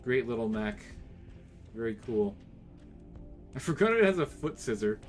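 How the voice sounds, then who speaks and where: A young man casually commenting on his gameplay and reading game text aloud, excitable and swearing now and then. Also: mid-range voice, moderate pace, faint music behind. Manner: excitable, swears, reacts loudly.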